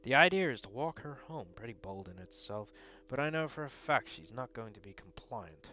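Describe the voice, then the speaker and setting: Male game reader, mid pitch, earnest narration with dry asides, faint music bed. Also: big pitch swings, moderate pace, pushed and bright. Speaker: player reading a visual novel aloud. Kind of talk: dramatic read-aloud narration.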